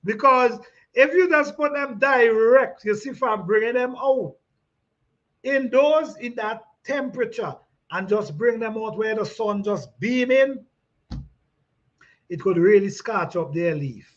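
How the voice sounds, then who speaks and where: A man hosting a gardening chat, reading out comments in a relaxed way, repeating himself and laughing often. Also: extremely high pitch, unhurried. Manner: laid-back, repeats phrases, laughs often. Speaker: gardening channel host. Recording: dull lo-fi sound.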